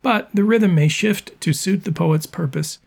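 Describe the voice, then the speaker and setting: A man narrating a scripted lesson in a measured, explanatory way, with a husky voice. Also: sits high, a little mellow.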